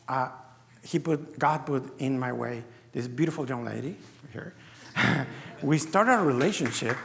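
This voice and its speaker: His voice fairly high and gravelly, a man from Mexico who founded a business delivers a heartfelt testimony in a big conference hall. The reverberant recording captures him acting out his own earlier dialogue.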